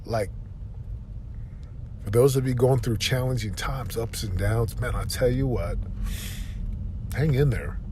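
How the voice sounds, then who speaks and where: A man's voice: medium pitch, measured pace, pauses often, a little mellow, slight background noise. A tired man giving an earnest, upbeat motivational talk while driving, often repeating phrases. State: tired, yawning. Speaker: podcast host. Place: inside a moving car.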